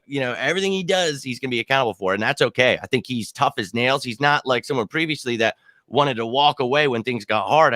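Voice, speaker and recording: A man's voice: medium pitch, pushed and bright, no echo, studio quality. A man in casual sports podcast chat, talking emphatically and heatedly like a passionate fan. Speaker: podcast co-host.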